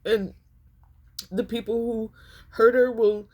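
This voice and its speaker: A woman's voice: on the high side, fairly even intonation, takes it slowly, darkish tone, breathy edge. Woman tarot reader, casual vlog delivery, repeats lines for emphasis. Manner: emphatic and repetitive, addressing viewers as y'all.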